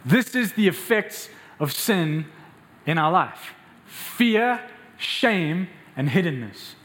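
A man's voice: big pitch swings, takes it slowly, fairly bright tone. A man preaching a sermon as a pastor, asking the congregation questions and acting out the lines he quotes. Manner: acts out quoted voices with raised pitch, asks the crowd questions.

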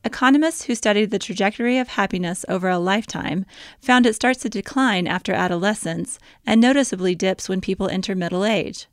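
A woman's voice: medium pitch, brisk, dry recording, faint music behind. A woman reading a scripted introduction to a recorded lecture. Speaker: program announcer.

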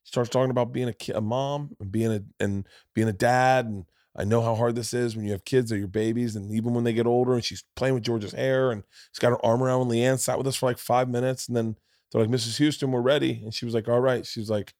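A man hosting a podcast, telling a long story in casual, animated chat with lots of swearing and restarts. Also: mid-range voice, fast talker, dry recording, studio quality. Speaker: podcast host, comedian.

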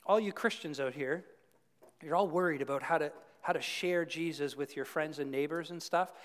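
A man preaching a sermon to his congregation in a conversational, animated way, with frequent asides to the listeners. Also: a little high, normal speed, in a large hall. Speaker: pastor. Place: church.

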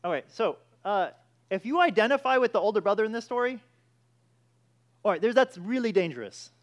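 A man's voice: high voice, expressive, brisk. A man preaching a sermon, emphatic, with frequent restarts and repeated "all right".

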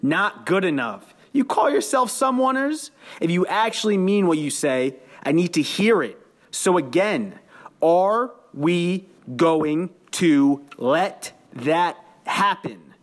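A man's voice: high voice, animated, takes it slowly, voice pushed up. A man reading the part of a fiery male sales boss who rallies his team in a preachy, profane way. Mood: rousing.

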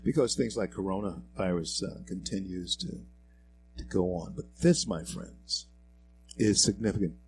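A low-pitched man hosts a political talk show, talking in a preachy, fired-up way that keeps climbing into loud, emphatic outbursts. Between those outbursts he reads quotes aloud with stray fillers and restarts. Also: normal speed, noisy background. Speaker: show host. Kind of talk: political commentary monologue.

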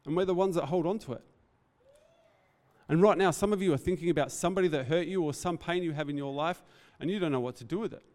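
An earnest man preaches, his voice sitting a little high for a man. He talks in a reflective, heartfelt way and speaks off the cuff. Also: fast, a little mellow, big-room sound. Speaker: pastor. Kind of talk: sermon.

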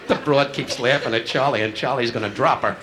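A man doing insulting stand-up crowd work on a nightclub stage, firing barbs at audience members. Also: medium pitch. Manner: insulting, rapid-fire banter with the audience. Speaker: stand-up comedian. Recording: noisy 1960s live album recording.

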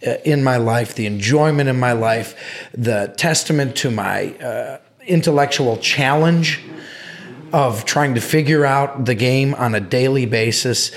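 Male podcast guest, medium pitch, earnest and a little halting. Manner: earnest, searching for words. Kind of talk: casual hunting chat.

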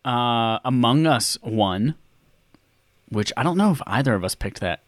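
Man, podcast co-host, lively swinging pitch, dry close sound, playful. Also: a little slow, no echo. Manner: animated, playful, jokey asides. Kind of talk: casual chat.

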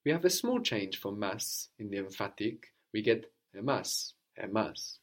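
A man's voice: lowish voice, very animated, measured pace. A man teaching a language lesson, patiently prompting questions and repeating the learner's answers.

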